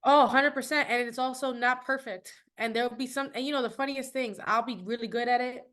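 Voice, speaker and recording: A woman's voice: fairly high pitch, steady tone, brisk, a bit bright. A woman guest on a podcast, chatting in a reflective, casual way with plenty of fillers. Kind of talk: casual interview chat.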